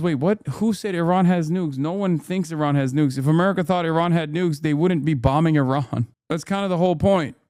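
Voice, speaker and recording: A man's voice: on the high side, a little mellow, dry recording, studio quality. A man hosting a live stream who reacts to news clips with sarcastic, profane ranting. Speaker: livestream commentator.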